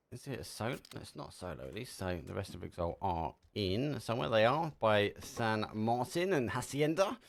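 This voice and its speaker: A man with an Essex accent casting a live esports match, lively and jokey, calling people mate. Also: mid-range voice, creaky. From England. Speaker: esports caster.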